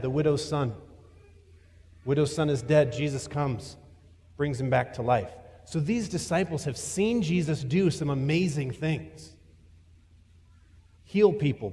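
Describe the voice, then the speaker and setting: A man preaching a sermon as a pastor, telling a story in a voice that swings from loud to hushed. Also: on the high side, in a large hall. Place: church.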